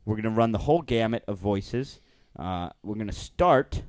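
A man's voice: on the low side, expressive, normal speed, dry recording, studio quality. Joking man hosting a comedy podcast. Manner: joking, puts on mock accents. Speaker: podcast host.

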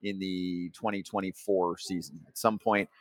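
A man hosting a sports podcast, talking in an excited way and laughing easily. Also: deep voice, normal speed, no room sound. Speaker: podcast host.

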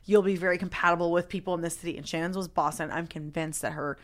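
A woman's voice: on the low side, steady tone, fast. A woman co-hosting a podcast in casual, playful chat, stretching out her phrases with fillers. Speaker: podcast co-host.

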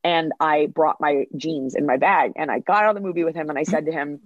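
A woman comedian talks as a podcast guest, telling animated stories and slipping into bits of acted-out dialogue. Her voice sounds dry and close. The recording is slightly dull and lo-fi. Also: low-pitched, brisk, no echo. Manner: animated storytelling, acts out dialogue. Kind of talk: podcast interview.

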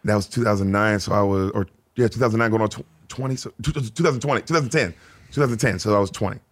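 A man in his thirties from Memphis, a comedian guest rambling through animated stories in casual podcast chat, full of restarts. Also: fairly low pitch, fast. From Memphis, Tennessee. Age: 30s.

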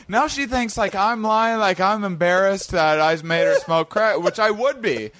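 A man telling a long story in casual chat as a podcast guest, animated and jumping up high when he quotes people. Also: normal speed, dry recording. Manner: animated, swings to high excited tones when quoting.

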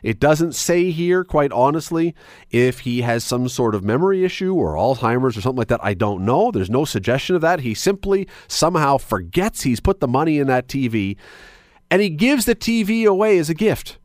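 A man's voice: medium pitch, sing-song, normal speed, darkish tone, dry recording, clean studio sound. A man hosting a call-in radio show, chatty and musing aloud as he sets up a question for listeners. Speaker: radio talk show host. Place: radio studio. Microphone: studio mic.

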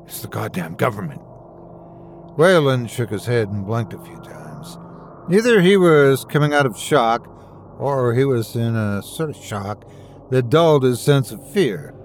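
A man's voice: mid-range voice, animated, a little slow, a little hiss or hum. A man narrating a first-person horror story with suspenseful, dramatic storytelling.

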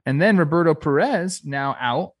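A man's voice: a little high, animated, moderate pace, no room sound. Man, casual sports podcast, rambling, easygoing, dry sound. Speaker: podcast co-host.

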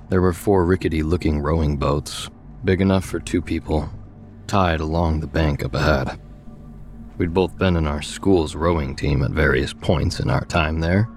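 A man narrating a scripted horror story in a measured, steady storytelling manner. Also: a bass voice.

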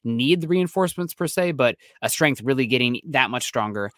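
A young man co-hosting a casual sports podcast, telling stories in a quick, excitable way. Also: mid-range voice, no room sound, studio quality. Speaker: podcast co-host.

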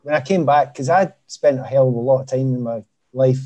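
A man's voice: medium pitch, brisk, dark tone. A man from Glasgow with a Glaswegian accent, a former footballer telling stories as a chatty, self-deprecating podcast guest. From Easterhouse, Glasgow, Scotland. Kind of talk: casual podcast interview.

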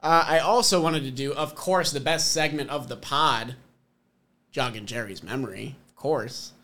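A man's voice: medium pitch, normal speed, pushed and bright. A man hosting a podcast, leading segments in an enthusiastic, chatty way. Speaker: podcast host. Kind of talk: casual chat.

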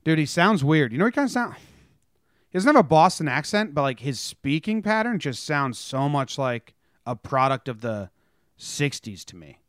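A man's voice: fairly high pitch, very animated, moderate pace, a bit bright, no room sound, clean studio sound. A man co-hosting a podcast, chatting casually about sports and TV, rambling and interrupting himself. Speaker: podcast co-host.

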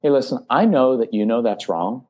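A man's voice: mid-range voice, normal speed. Parenting guest, male, casual chat, plays out sample lines to kids. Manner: animated, acts out parent phrases. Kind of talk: casual podcast conversation.

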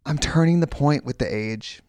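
A man co-hosting a casual comedic chat, campy and bawdy, riffing fast with sudden shrieks. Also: on the high side, a little mellow, no room sound. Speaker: co-host.

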